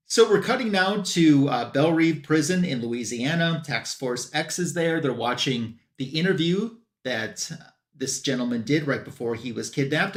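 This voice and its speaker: A man on a comic book show giving a casual plot recap and quoting characters in quick bursts. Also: mid-range voice, echoey room. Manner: retells scenes with quick quoted voices for characters.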